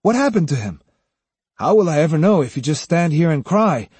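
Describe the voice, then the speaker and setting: A male narrator voicing a young swordsman who asks quick, pressing questions. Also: fairly high pitch, very animated, warm tone, husky, no room sound, pitched above the performer's own voice, exaggerated voice.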